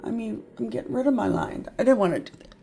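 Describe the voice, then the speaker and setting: A woman's voice: fairly high pitch, fast, vocal fry, mellow, breathy edge. A middle-aged woman tutor teaching a phonics lesson at a board, chatty and thinking aloud as she works through examples. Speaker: reading tutor.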